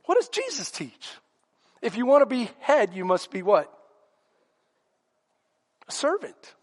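Male Texan pastor, high voice, emphatic storytelling sermon, reverberant sanctuary. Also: husky. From Texas. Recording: long church reverb.

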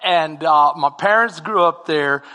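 A man preaching a sermon as comic storytelling, animated and now and then breaking into shouts. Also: a little high, unhurried, long reverb tail. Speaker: pastor.

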